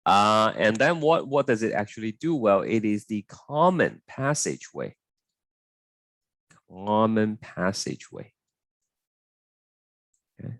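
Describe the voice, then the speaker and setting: Lively low-voiced male tutor. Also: slow pace, pauses often, no room sound. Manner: chatty, hesitant, many fillers and checks. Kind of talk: online biology tutorial.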